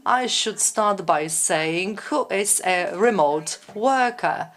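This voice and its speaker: Slow, measured woman interpreting. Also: medium pitch, expressive, fairly bright tone. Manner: measured, with frequent hesitations. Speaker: conference interpreter. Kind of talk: simultaneous interpretation of academic talks.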